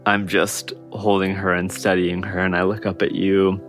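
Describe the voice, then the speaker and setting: A man's voice: deep voice, little pitch movement, normal speed. A young adult man telling his own story in a tender, reflective way, as a podcast guest. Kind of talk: personal storytelling. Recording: soft music bed behind the voice.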